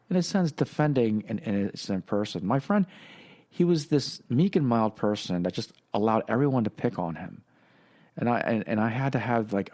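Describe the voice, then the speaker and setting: Middle-aged guy podcasting, kinda low voice, telling his own story slow and halting, lots of ums. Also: a little mellow. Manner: halting, reflective, many fillers and restarts. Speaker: podcast host. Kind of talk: personal storytelling.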